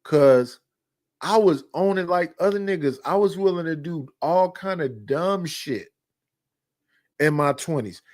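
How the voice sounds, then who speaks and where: A man in his fifties with a somewhat high voice tells personal stories on a podcast. He speaks bluntly and candidly, circling back through repeated phrases as he makes his point. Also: expressive, unhurried, a little mellow. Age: 50s. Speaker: podcast host. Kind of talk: casual storytelling chat.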